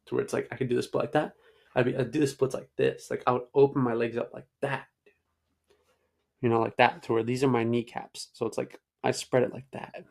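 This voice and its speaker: A young man hosts his own show, telling long, loose stories to the camera in slangy, rambling talk packed with "like" and "dude." His mid-range voice is creaky, a little fast, with little pitch movement.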